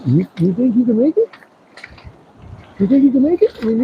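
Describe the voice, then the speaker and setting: A fishing livestreamer with a very high voice streams live by a river, talking playfully to the fish as he reels it in. He's excited and brisk but leaves long pauses, and the recording is muffled with a little hiss or hum.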